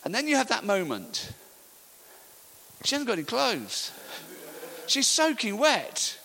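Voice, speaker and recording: A middle-aged man preaching a sermon, telling animated stories and laughing often. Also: extremely high pitch, takes it slowly, gravelly.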